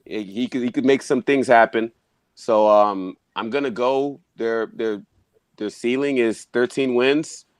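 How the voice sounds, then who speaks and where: A man's voice: medium pitch, measured pace, clear, resonant tone, no room sound. A man arguing football picks on a casual panel, emphatic and brash, swearing for emphasis.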